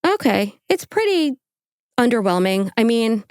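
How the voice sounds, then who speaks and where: A woman's voice: a little high, big pitch swings, a little slow, a little mellow, clean tone, no room sound, studio quality. A woman hosting a true crime podcast, narrating the case and mocking the killer with sarcastic, profane asides. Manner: sarcastic, swears casually. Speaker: podcast host.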